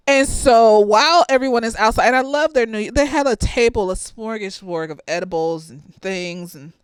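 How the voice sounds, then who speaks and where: A woman therapist chats through a movie review while slightly tipsy. She is animated and cheerfully profane, and laughs often. Her voice is smooth and a touch high, recorded dry and close. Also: normal speed, hardly any pauses, no echo. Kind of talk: casual chatty review.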